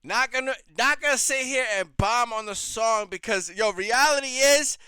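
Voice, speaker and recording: A man's voice: very high-pitched, moderate pace, bright, forceful tone, clear, resonant tone, no room sound. A man hosting a reaction show, ranting in blunt, heated, profane commentary.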